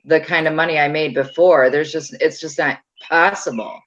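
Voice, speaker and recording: A woman on a live-stream panel, telling stories in an animated way and acting out the dialogue over a video call. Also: sits low, moderate pace, lo-fi sound. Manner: animated storytelling that acts out quoted dialogue. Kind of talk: casual chat on a live stream.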